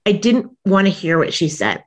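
Animated, laughing woman comedian telling a story. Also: normal speed. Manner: animated, acts out quotes with big pitch jumps, laughs often. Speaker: guest, comedian and author. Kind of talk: storytelling interview.

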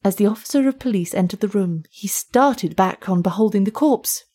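A woman who narrates a short story and hosts the show, reading in a measured, even way. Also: mid-range voice, husky. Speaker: narrator and host.

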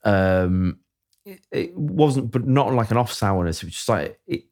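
A man's voice: fairly low pitch, expressive, a little slow, a little mellow. A man hosting a casual podcast chat, rambling and laughing easily. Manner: chatty, rambling, laughs often. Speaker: podcast host.

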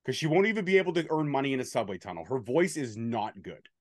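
A man's voice: medium pitch, animated, fast talker, no echo, clean studio sound. A man hosting a casual chat, recapping events in a bantering, profane play-by-play way. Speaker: podcast host recapping wrestling.

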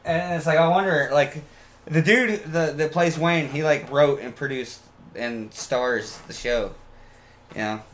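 A slightly drunk man talks in a loose, rambling way, peppering his sentences with swear words and fillers. His voice sits a little high for a man, and he keeps restarting his thoughts. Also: a bit bright, slight background noise. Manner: rambling, profane, halting with fillers. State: tipsy from beer. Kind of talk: casual chat.

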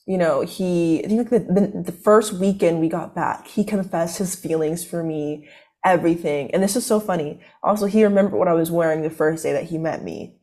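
A woman's voice: on the low side, fairly quick, mellow. A young woman, a college student, telling a long story in casual chat, full of fillers and restarts. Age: young adult. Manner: rambling, filler-heavy, self-interrupting.

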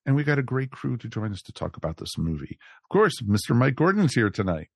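A man's voice: medium pitch, big pitch swings, fast talker, vocal fry, dry recording, studio quality. A man hosting a podcast, chatting in an upbeat way with lots of fillers. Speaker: podcast host. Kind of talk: casual chat.

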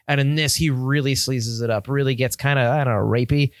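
A man's voice: mid-range voice, steady tone, fairly quick, dry recording, studio quality. A man co-hosting a casual movie chat, giving emphatic, opinionated breakdowns. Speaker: podcast co-host.

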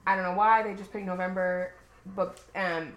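A woman talks through a book's plot in a loose, chatty podcast style, leaning on "like" as she goes. Her voice sits at an ordinary middle pitch. The room gives her voice a noticeable echo. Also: fairly even intonation, moderate pace. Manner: chatty, rambling, heavy use of "like". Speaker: podcast co-host. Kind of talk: casual chat recapping a book.

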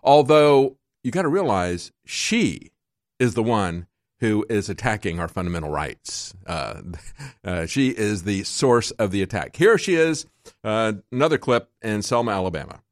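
A man's voice: fairly low pitch, sing-song, measured pace, dry recording, clean studio sound. A man hosting a political talk show, delivering a mocking commentary monologue with sarcastic asides.

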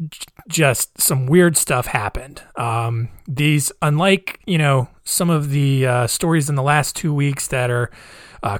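A man's voice: mid-range voice, dry recording. Rambling male podcast host, dry sound. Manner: rambling, heavy with fillers, with sarcastic asides. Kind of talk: casual storytelling podcast.

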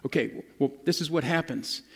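A male pastor delivers a sermon with a fairly high voice. He retells the scripture as a lively story, slipping into casual modern speech for the people in it. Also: normal speed.

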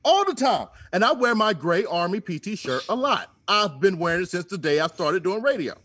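A man's voice: sits high, animated, brisk, pushed and bright, husky. A man who is a regular on a radio show, ranting in a profane, comic way during casual podcast chat.

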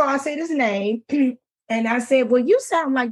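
Brief: middle-aged woman talk show co-host, husky, animated storyteller, laughs a lot. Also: high voice, measured pace, pauses often. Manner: animated, laughing, voices quoted men. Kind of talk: casual storytelling chat.

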